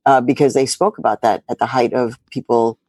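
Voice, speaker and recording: A woman's voice: rumbling low, fairly even intonation, brisk, darkish tone, no echo, clean studio sound. A middle-aged woman journalist in an interview, talking emphatically and firing rhetorical questions with sarcastic asides. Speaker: journalist guest. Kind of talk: animated political interview talk.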